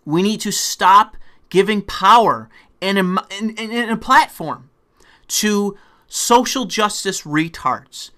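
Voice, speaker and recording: Swearing and furious, a young commentator launches into a political rant in a high voice, with periodic outbursts of shouting.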